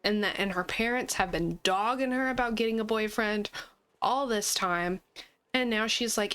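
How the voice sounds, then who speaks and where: A woman hosting a gaming video, chatting casually while she plays, animated and often laughing. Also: medium pitch, measured pace. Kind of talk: casual chat while playing a game. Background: faint game music.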